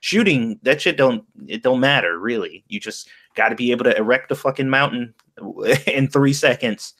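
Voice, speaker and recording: A man's voice: mid-range voice, lively intonation, moderate pace, fairly bright tone. A man co-hosting a casual livestream chat, speaking crudely and laughing along at his own jokes. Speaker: co-host streamer.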